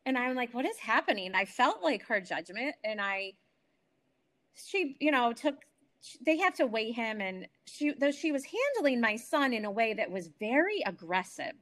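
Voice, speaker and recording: A woman in her forties tells a story from her own life as a guest, speaking from home over a remote call. Her voice is a little high for a woman. She is animated and keeps restarting her sentences. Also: normal speed. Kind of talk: emotional personal testimony.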